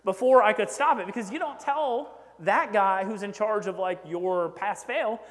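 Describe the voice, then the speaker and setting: Man, pastor, high voice, casual sermon, asks "right?" often, long hall reverb. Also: moderate pace. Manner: conversational, frequent "right?" asides, self-deprecating humor.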